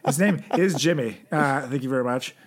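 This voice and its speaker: A man co-hosting a comedy podcast, rambling in a deadpan, sarcastic way with lots of restarts. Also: medium pitch, brisk. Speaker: podcast co-host.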